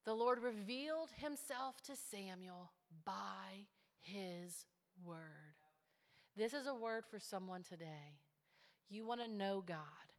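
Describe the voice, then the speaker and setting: A woman pastor preaching a sermon in a large church. She swings from hushed, intimate asides to rising, building exhortation. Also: mid-range voice, expressive, slow. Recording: long church hall reverb.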